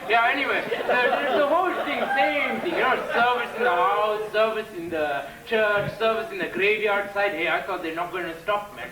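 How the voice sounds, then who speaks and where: A man's voice: high voice, a bit bright, a little hiss or hum, exaggerated voice. An actor playing a chatty working man who tells a funeral story on a theatre stage, often adding 'you know' and 'man'. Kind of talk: stage play performance. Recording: echoey hall, distant mic.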